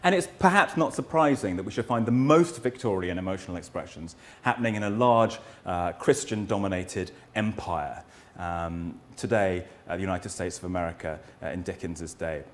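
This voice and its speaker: His voice sits low as this middle-aged man lectures on history. He comes across as earnest and thoughtful, posing rhetorical questions, and his sentences often stall and restart.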